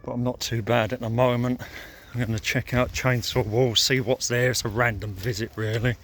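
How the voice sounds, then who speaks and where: A man vlogging as he walks outdoors by a lake, thinking aloud in a slow, musing way and noting that he feels a bit sore. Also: medium pitch, little pitch movement, fairly bright tone, slight background noise. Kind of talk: casual walking commentary.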